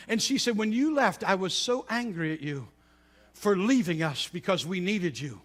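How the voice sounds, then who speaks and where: A middle-aged man, a pastor, preaching a sermon by telling stories, with loud exclamations that drop to hushed intensity. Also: high voice, lively intonation, normal speed.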